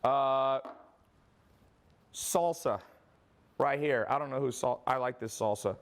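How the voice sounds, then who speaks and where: Gravelly man pitching to the viewer. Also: slow pace. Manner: rambling, restarts, addresses viewer directly with "okay?". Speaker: online business presenter. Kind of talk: casual pitch presentation.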